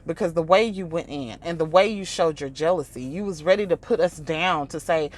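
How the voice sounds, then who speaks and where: A woman's voice: sits low, fairly quick, hardly any pauses. A woman vlogger ranting casually in an exasperated, mocking tone, laughing often and breaking into quoted impressions. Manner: imitates others in quoted asides. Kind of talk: casual reaction rant.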